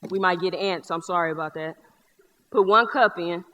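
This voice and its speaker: A woman's voice: fairly low pitch, moderate pace, slight background noise, pitched below the performer's own voice, lightly acted. A woman in a one-person stage show playing a boisterous young Black man with a Southern accent, who talks in streetwise slang and tells stories with jokes. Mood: bossy. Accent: Southern US (North Carolina). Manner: streetwise slang, joking, lively storyteller. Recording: live theater hall reverb.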